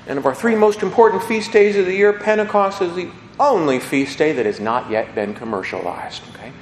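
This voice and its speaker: A man's voice: high-pitched, animated, brisk, a little hiss or hum. A man preaching a homily as a priest, conversational and folksy, often checking in with his listeners. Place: church. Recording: echoey church with long reverb.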